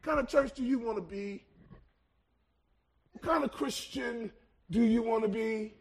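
A man preaching a sermon as pastor, building to loud shouted peaks and then dropping to hushed lines. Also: extremely high pitch, measured pace, breathy edge. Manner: preaching with swelling shouts and sudden hushed drops.

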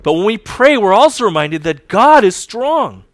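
An emphatic male pastor preaching a sermon, repeating his key lines for effect. He rises to loud declarations, then drops to quiet, drawn-out phrases, all recorded close and dry. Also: high voice, sing-song, no echo.

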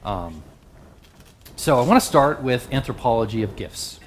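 A man preaching a sermon in a relaxed, conversational way, often turning to ask his listeners questions. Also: medium pitch, normal speed. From the West. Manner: conversational, asks the audience questions.

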